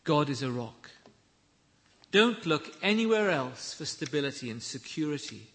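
A man preaching a sermon, measured and emphatic, with deliberate pauses. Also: a little high, big pitch swings, a bit bright, in a large hall.

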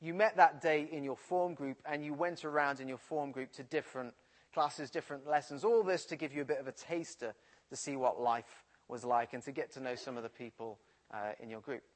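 A man's voice: mid-range voice, brisk. A man from the English Midlands with a Midlands accent, preaching and telling a personal story from his school days. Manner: storytelling, animated retelling.

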